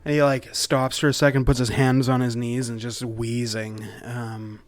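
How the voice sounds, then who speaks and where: Man, game master, casual narration, fillers, mid pitch. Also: flat delivery, normal speed, no room sound. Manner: casual, many fillers, swears.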